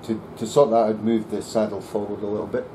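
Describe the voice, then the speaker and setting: Guy muttering through a bass setup, lowish voice, aircon humming behind. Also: little pitch movement, fast, noisy background. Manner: muttering to himself while working. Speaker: luthier. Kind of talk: workshop commentary. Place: workshop.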